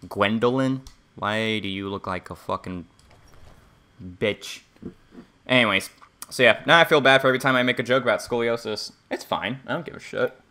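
A man's voice: mid-range voice, sharp tone. Crude, rambling male game streamer. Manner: crude, rambling, joking, chatting with viewers. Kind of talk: casual livestream gameplay commentary.

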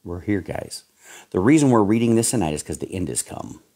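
A male pastor preaching a fiery sermon, dropping to low growls and rising to high shouts, with folksy slang. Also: big pitch swings, fairly quick. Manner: folksy slang, calls listeners pal and folks.

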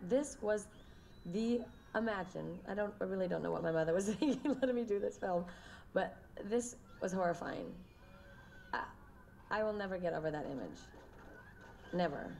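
A woman, an actress, giving commentary on a film she acted in, animated and exclaiming with laughs. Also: mid-range voice, gravelly, slight background noise. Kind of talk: recorded commentary interview.

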